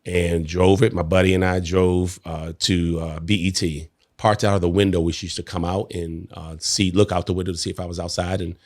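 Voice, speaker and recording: A man guesting on a podcast, telling a personal story in an animated way and acting out the quotes. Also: deep voice, brisk, few pauses. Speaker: podcast guest, network marketer. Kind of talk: conversational storytelling.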